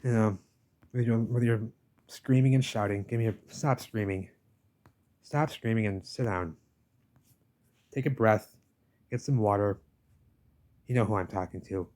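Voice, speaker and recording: A man's voice: lowish voice, unhurried, long pauses, darkish tone. A man recording a casual walking-tour vlog outdoors in a village, ranting insistently at the camera and repeating himself. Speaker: vlogger filming a village walk.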